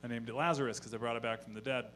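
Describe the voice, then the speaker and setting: A man doing a stand-up comedy set on stage, telling stories in a deadpan voice with profane asides. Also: medium pitch, rapid-fire, a little hiss or hum. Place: live comedy venue on stage.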